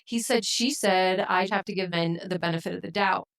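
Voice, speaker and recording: A woman co-hosting a podcast, talking in casual discussion and making her points in a measured, deliberate way. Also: medium pitch, gravelly, low-quality recording. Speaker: podcast co-host.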